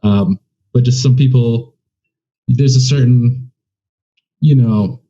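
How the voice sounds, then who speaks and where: A comedian from the United States, talking candidly and a bit rambling in a casual interview. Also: male voice, medium pitch, takes it slowly, mellow, dull audio. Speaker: comedian guest. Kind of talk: casual conversation.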